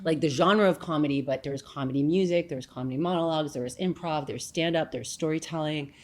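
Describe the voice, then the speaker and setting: Here a low-voiced, fast-talking New Yorker shares anecdotes as a comedian guest in a casual interview. She's animated and chatty, peppering her talk with fillers and asides.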